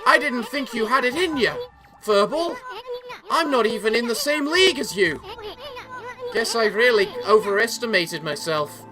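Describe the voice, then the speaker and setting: A woman voicing a brash, cheeky little male companion who teases and gets excited. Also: on the high side, normal speed, natural voice. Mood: cocky. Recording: game music behind.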